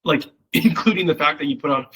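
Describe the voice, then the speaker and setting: A copywriting coach with a fairly high-pitched, fairly bright, slightly rough voice talks fairly quickly through a casual one-on-one copy critique. He keeps it chatty and loose, with many fillers and acted-out quoted voices. Audio quality is poor.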